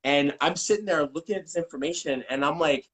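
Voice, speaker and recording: A man speaking as a numerology coach in a casual live-stream interview, talking in an animated way, cursing and acting out what people said. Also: a little high, a little fast, low-quality recording. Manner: animated, swears, acts out quotes. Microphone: video call.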